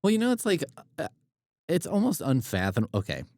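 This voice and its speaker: A man's voice: on the high side, wildly swooping pitch, brisk, creaky, a little mellow, no echo, studio quality. A man co-hosting a casual book podcast, thinking aloud in rambling, self-deprecating tangents. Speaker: podcast co-host.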